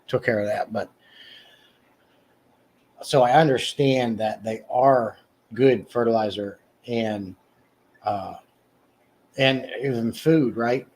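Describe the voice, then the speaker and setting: A man hosting a casual livestream, answering viewers' comments by name in a rambling way with frequent restarts. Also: a little mellow. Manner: mock sales pitch, slow and emphatic. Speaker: livestream host. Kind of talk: casual live chat reading comments.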